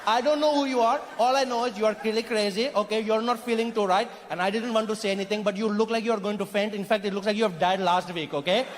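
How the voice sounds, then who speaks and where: A man's voice: sits high, fairly even intonation, fast talker, hardly any pauses, close to an everyday voice. A man doing a cheeky, blunt local. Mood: mocking. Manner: blunt, mocking, matter-of-fact. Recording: echoey venue with faint noise.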